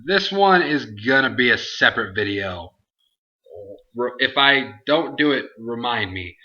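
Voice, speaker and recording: A man's voice: mid-range voice, lively intonation, measured pace, sharp tone, highs cut off. Rambling man hosting a casual Q&A. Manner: rambling, self-interrupting. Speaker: host. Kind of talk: casual Q&A vlog.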